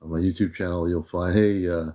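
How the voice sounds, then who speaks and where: An older man from the United States hosts a laid-back livestream, welcoming viewers by name in an easy, unhurried way. His voice is very low and dark, and mellow in tone. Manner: relaxed, greets viewers by name. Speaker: livestream host. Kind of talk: casual livestream greetings.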